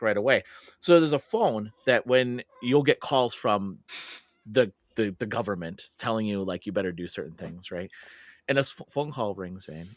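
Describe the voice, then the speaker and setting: A man's voice: lowish voice, fairly bright tone, dry recording, clean studio sound. A man hosting a podcast, chatting casually and telling a story with laughs and lots of filler words. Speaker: podcast host.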